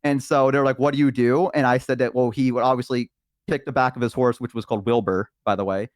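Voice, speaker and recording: A man's voice: mid-range voice, steady tone, quick pace, no echo, studio quality. A young man in casual conversation as a stream guest, recounting a tabletop game story in a rambling, filler-heavy way.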